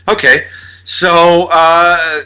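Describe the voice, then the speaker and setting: A man co-hosting a film podcast in casual chat. He is animated, laughs often and is quick to agree. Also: fairly high pitch, clean tone. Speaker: podcast co-host.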